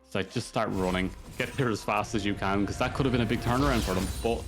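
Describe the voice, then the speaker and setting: A man's voice: lowish voice, quick pace. A man casting a live esports match, rattling off play-by-play with rambling asides. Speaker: esports caster. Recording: music playing underneath.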